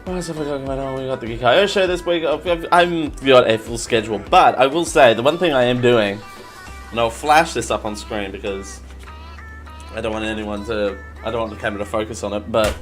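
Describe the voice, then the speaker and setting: Speaking fairly quickly at medium pitch, this Australian man hosts a podcast with faint music behind him. The live-show chat is casual and rambling, peppered with self-mockery and frequent restarts.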